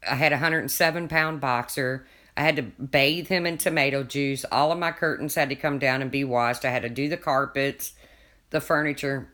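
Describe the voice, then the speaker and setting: A livestreamer with a medium-pitched, sharp-toned voice chats casually, telling a rambling story and answering viewers' comments. They often restart sentences and laugh along.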